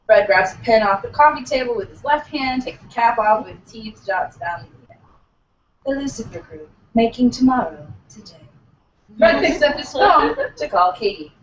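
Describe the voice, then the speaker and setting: A woman at a cast read-through, reading the stage directions and running the session with a brisk manner. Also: fairly high pitch, expressive. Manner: brisk, giggly between lines. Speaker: script reader for the stage directions. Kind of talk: table read narration and casual chat. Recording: distant roomy lo-fi recording with noise.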